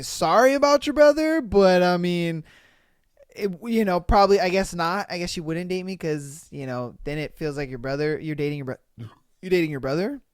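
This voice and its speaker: A podcast host reads listener stories aloud and reacts with loud, laughing, profane commentary. The voice is smooth and clear, recorded dry and close with no room sound. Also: medium pitch, dry recording. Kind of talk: comedic commentary reading online posts.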